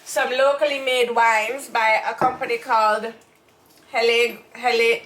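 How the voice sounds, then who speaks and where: A Jamaican woman co-hosting a relaxed chat show. Her voice sits a little high and she talks in loose, rambling runs with plenty of fillers. A faint hiss hangs under the recording. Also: measured pace. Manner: chatty, rambling with fillers and restarts. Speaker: co-host. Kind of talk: casual chat.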